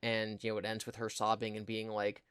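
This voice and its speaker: A podcast co-host, male, speaks in a lowish, completely flat voice, a little fast, slightly bright and smooth. He rambles casually through a story, full of fillers and mocking quoted voices. The recording is clean studio sound with no room sound.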